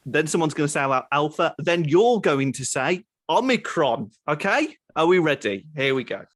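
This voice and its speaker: Casting: lively, laughing male host with a bouncy, animated delivery and some pitch up. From United Kingdom. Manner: giggly, quick and excitable. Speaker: podcast host. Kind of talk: casual comedy chat.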